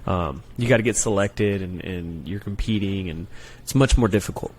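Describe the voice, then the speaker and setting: A man, a Marine gunnery sergeant and former recruiter, telling stories on a podcast in a profane, animated way that keeps checking in with "right?". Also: deep voice, moderate pace, slight background noise. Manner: profane, animated storyteller, peppers talk with "right?". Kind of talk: casual podcast storytelling.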